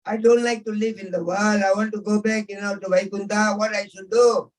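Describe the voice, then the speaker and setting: A man's voice: sits high, little pitch movement, brisk, recorded from a distance, pitched above the performer's own voice, natural voice. A man voicing Barbarika in a told story, an eager young warrior speaking earnestly and plainly.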